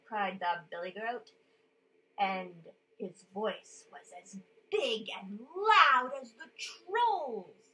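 A woman's voice: on the high side, lively intonation, very slow, bright, forceful tone, low-quality recording. A woman reading a children's story aloud, playful and coaxing a young listener to join in with sounds.

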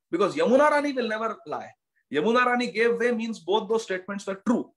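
A man's voice: sits high, lively intonation, quick pace, a bit bright, rough recording. A man giving a devotional class over an online call, telling the story and repeating key phrases for emphasis. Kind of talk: devotional lecture. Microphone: online video call.

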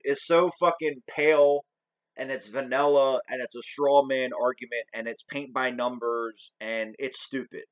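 A man's voice: medium pitch, fairly even intonation, measured pace, rough recording. A man hosting a commentary video, ranting heatedly about movies with lots of swearing and repetition. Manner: heated, profane, repetitive rant. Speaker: commentary channel host.

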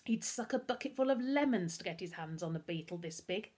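A bold, know-it-all girl from a storybook, brash and teasing, her speech full of lively swings, as a woman reading aloud puts her on. There is a slight huskiness to the voice. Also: fairly low pitch, fairly quick.

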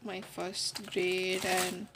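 A young adult woman rambles through a casual vlog voice-over, full of fillers and jokes at her own expense. Her voice sits on the low side with little pitch movement, she speaks very slowly, and there's noise in the background.

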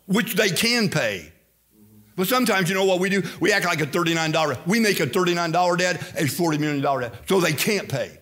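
An older man from Indiana with a slight Southern-sounding accent, preaching an emphatic sermon as pastor. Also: a little high. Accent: slight Southern-sounding American. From Indiana, USA. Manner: emphatic, animated preaching with quoted asides.

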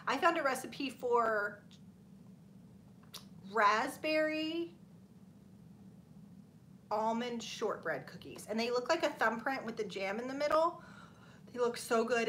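A woman's voice: on the high side, a bit bright, slight background noise. A woman in her thirties hosting a casual livestream, chatting with viewers, reading their comments aloud and laughing often. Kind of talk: casual live chat.

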